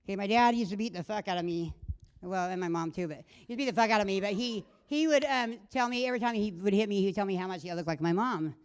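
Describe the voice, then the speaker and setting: A woman's voice: mid-range voice, fast, clean tone. A middle-aged woman doing a stand-up set in a comedy club, rambling and crude, breaking off mid-sentence and laughing at her own jokes. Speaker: stand-up comic.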